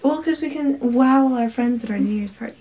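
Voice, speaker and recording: A woman casually quizzing a friend on holiday trivia, playful and quick to laugh. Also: fairly high pitch, dark tone. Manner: playful, laughs often, tries out foreign words. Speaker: trivia quiz partner. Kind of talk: casual chat.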